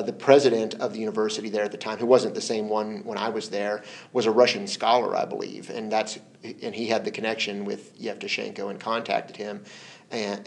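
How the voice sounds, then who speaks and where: Low-voiced man telling stories, hesitant. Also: creaky. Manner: hesitant, repeats words, laughs often. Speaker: interview guest, former translation collaborator. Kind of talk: relaxed conversational storytelling.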